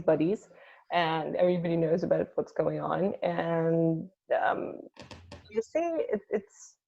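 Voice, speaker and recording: A woman's voice: lowish voice, gravelly, darkish tone. Russian accented woman, blunt, swears a lot, laughs mid sentence, kinda muffled recording. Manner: blunt, swears freely, laughs between points. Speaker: comedian guest. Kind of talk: casual interview chat.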